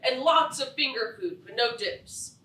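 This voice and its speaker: An actress playing a chatty young beach bum fussing over party food. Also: female voice, sits high, expressive, a little slow, bright, forceful tone, heavily acted. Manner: fussy, chattering. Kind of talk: live stage acting. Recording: echoey theatre stage from far off.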